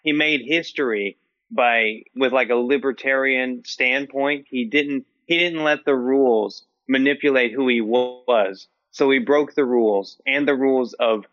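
A man chatting as a podcast co-host with a bright, forceful tone, rambling through fillers and deadpan jokes. The sound is dry and a little dull, like a lo-fi mic. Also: medium pitch, unhurried, no echo. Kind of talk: casual chat.

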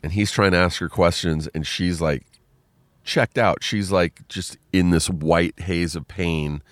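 Deep, clear-voiced man; casual, filler-heavy storyteller, dry close sound. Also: steady tone, a little slow, a bit bright, no room sound. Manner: rambling, filler-heavy retelling with many "like"s.

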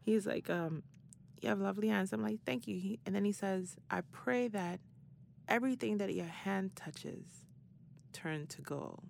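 A woman's voice: mid-range voice, measured pace, gravelly, darkish tone, a little hiss or hum. A woman hosting a podcast, telling a story in a casual, slangy way and laughing often. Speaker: podcast host.

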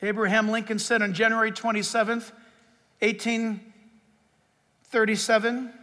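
Fervent high-voiced man preaching. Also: little pitch movement, moderate pace, sharp tone. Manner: fervent, emphatic, repeats phrases for stress. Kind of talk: sermon. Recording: long reverb of a big hall.

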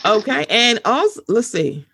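A woman hosting a casual podcast chat, talking in a blunt, animated, often profane way and reading out news items. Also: on the high side, unhurried, noisy background. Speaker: podcast host.

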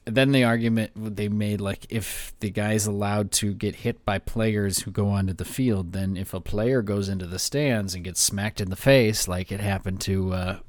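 Easygoing low-voiced man hosting sports talk. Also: dry recording. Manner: easygoing, agreeable, wraps up segments. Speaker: sports podcast host. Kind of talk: casual sports chat.

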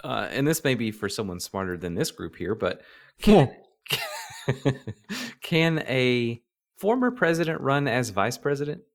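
A man's voice: mid-range voice, very animated, measured pace. A man co-hosting a podcast, playful and incredulous in casual chat. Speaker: podcast co-host.

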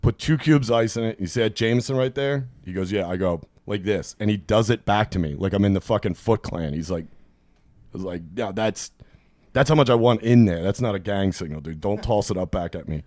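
A man telling crude, animated anecdotes on a podcast and acting out the people in them. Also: lowish voice, dry recording. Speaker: podcast host. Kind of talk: casual storytelling chat.

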